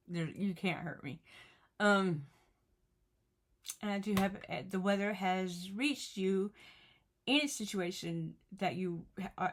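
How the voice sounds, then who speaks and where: Earnest, chatty woman vlogger. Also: fairly low pitch. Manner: earnest, chatty, with restarts and repeated phrases. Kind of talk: casual motivational talk to camera.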